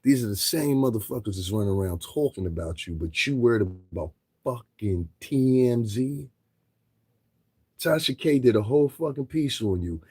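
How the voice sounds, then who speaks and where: A man's voice: mid-range voice, expressive, moderate pace, darkish tone, breathy edge, no echo. A man commentating on a livestream in a blunt, profane, lecturing rant.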